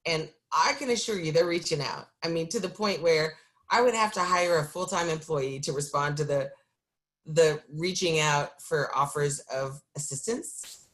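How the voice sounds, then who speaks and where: A woman's voice: low voice, a bit bright. Candid, exhausted woman on a video call. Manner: candid, emotional, breaks into laughs, halting with many ums. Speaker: city council member.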